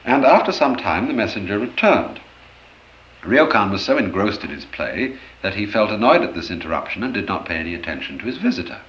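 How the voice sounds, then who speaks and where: A man giving an expressive storytelling lecture, acting out the anecdotes as he goes. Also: lowish voice, fairly quick, slight background noise. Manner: expressive, animated, acts out stories. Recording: roomy, dull old lecture recording.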